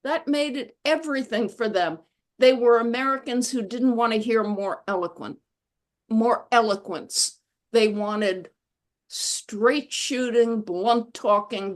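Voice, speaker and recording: A woman being interviewed as an author, telling stories in a reflective, measured way. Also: on the high side. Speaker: guest author. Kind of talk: conversational interview.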